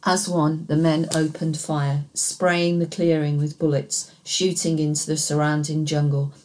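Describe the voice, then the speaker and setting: A woman with a low, deep voice narrates a thriller in the first person. Her reading is steady and measured, paced for an audiobook. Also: slight background noise.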